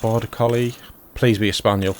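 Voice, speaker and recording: Low-voiced man chatting through a game. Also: fairly even intonation, fairly quick, slight background noise. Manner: chatty, thinking aloud to himself. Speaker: game commentator. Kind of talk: casual let's-play commentary.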